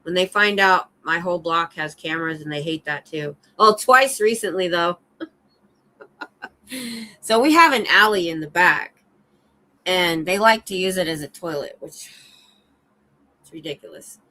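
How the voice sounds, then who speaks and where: A middle-aged woman, a security guard hosting a casual livestream chat, telling animated stories from her work. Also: on the low side, a little slow, pauses often, poor audio. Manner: animated storyteller, acts out her own shouts.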